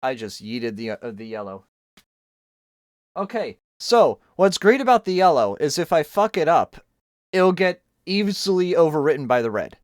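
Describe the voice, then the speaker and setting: A young streamer's fairly high, sing-song voice carries at a normal speed as he draws at home, rambling, joking, and making fun of himself. It's captured cleanly in studio quality with no room sound.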